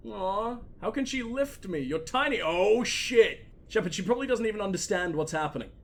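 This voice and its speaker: A man's voice: high voice, lively intonation, normal speed. A man doing crude, mocking game commentary, swearing constantly and talking back to the characters on screen. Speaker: gaming commentator. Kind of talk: crude comedic gameplay commentary.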